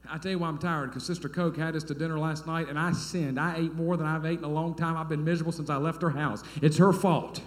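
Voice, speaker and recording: A man, preaching a sermon as a pastor in folksy storytelling style, dropping to quiet asides and rising to loud, emphatic bursts. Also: on the high side, steady tone, fast, few pauses. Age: 30s. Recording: echoey hall.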